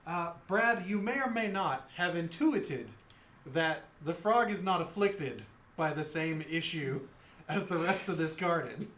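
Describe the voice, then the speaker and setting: A man's voice: fairly high pitch, expressive, unhurried, fairly bright tone, reverberant. A man narrating a tabletop game as game master, playful and rambling.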